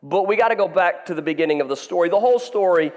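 A man's voice: sits high, fast talker. A man in his thirties preaching a sermon as pastor, playful and joking with the congregation. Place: church hall. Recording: long hall reverb.

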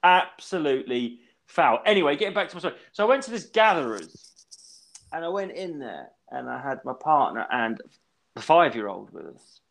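A man in his thirties from England, chatting on a casual podcast. He rambles through his stories with a lively voice that swings up and down in pitch, and he swears freely as he goes. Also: normal speed, creaky. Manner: rambling, animated storytelling with swearing. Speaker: podcast co-host. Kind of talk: casual chat.

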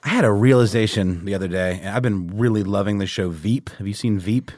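Man, lowish voice, earnest rambling podcast talk, dry close sound. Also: brisk, a little mellow, dry recording. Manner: earnest, enthusiastic, rambling with fillers. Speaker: podcast co-host. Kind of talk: casual chat.

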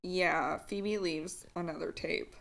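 Deep, gravelly-voiced woman, sarcastic. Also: fairly even intonation, slow pace, a bit bright, low-quality recording. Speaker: podcast co-host. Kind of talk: casual chat.

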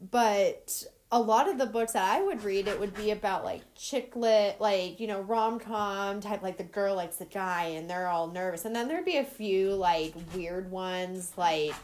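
A woman's voice: medium pitch, unhurried, hardly any pauses, darkish tone, a little hiss or hum. A young adult woman in casual chat as a podcast co-host, rambling with constant fillers. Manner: rambling, heavy use of filler "like".

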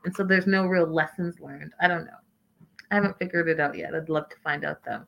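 A woman hosting a casual show, chatting in an animated, gossipy way and talking straight to her listeners. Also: sits low, brisk, gravelly, dull audio. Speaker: podcast host recapping a reality show. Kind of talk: casual chat.

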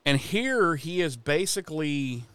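Smooth-voiced man recapping casually. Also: on the high side, a little slow, dry recording. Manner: profane, animated retelling with quoted voices. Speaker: podcast co-host recapping an episode.

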